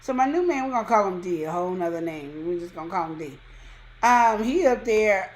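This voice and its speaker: A woman casually telling a personal story on a talk show, acting out quotes with sudden high jumps in pitch. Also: fast talker. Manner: animated, acts out quotes with big pitch jumps. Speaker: co-host.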